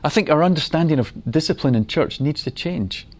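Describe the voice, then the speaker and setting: A man's voice: a little high, expressive. Earnest middle-aged man preaching. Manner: earnest, unhurried storytelling with acted-out quotes. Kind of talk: sermon.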